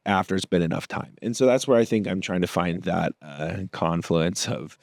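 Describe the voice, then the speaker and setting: A man with a fairly low voice talks as an actor guest in a relaxed interview. He reflects as he goes, building his answers bit by bit. The sound is dry and close, with no room around it. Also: moderate pace, creaky, dry recording. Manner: thoughtful, works through ideas aloud. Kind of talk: casual interview conversation.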